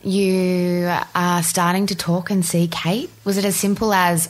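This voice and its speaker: Measured woman interviewer. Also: on the low side, flat delivery. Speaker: interviewer and narrator. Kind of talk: podcast interviewing and narration.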